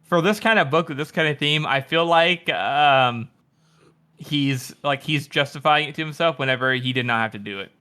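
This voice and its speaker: A man's voice: fairly high pitch, moderate pace, bright, forceful tone, smooth. A man co-hosting a book podcast, arguing his take in casual chat, laughing and swearing freely. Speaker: podcast co-host.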